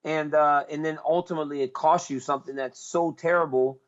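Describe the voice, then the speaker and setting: A man's voice: a little high, steady tone, fairly quick, muffled recording. A man talking as a guest in casual chat, earnest and repeating himself as he searches for words.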